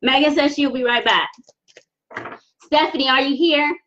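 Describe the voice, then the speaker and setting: A woman giving a live tarot reading, talking slowly with many restarts as she holds back tears. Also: high voice, highs cut off, slight background noise. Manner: warm, emotional, halting with many restarts. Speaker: tarot reader. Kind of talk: live-stream card reading.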